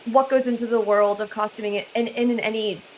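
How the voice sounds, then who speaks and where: A woman's voice: a little high, fairly even intonation, a little fast, slight background noise, poor audio. A woman co-hosting a podcast, casually asking a guest questions in a friendly, roundabout way. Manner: friendly, asks questions at length. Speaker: guest co-host.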